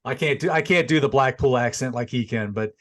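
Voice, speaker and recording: A man's voice: mid-range voice, brisk. Laid-back man hosting a rambling review chat. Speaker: show host.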